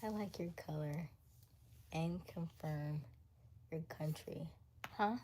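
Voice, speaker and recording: A woman from the United States hosting a casual late-night livestream, chatting with viewers, reading their comments and dropping into soft whispers. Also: deep voice, slow pace, a little hiss or hum. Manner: chatty, laughs often, reads viewer comments aloud; drops into soft whispers between remarks. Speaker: livestream host.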